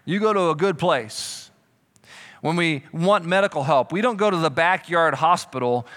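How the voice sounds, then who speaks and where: Pastor, male, lively sermon delivery with playful asides, a touch high-pitched. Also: moderate pace. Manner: animated preaching with comic voices for imagined people. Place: church.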